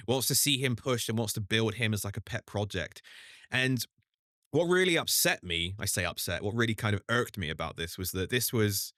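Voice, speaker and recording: Low-voiced man, measured, dry sound. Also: bright, forceful tone, dry recording. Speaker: guest, actor and wrestling fan. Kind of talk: casual wrestling chat.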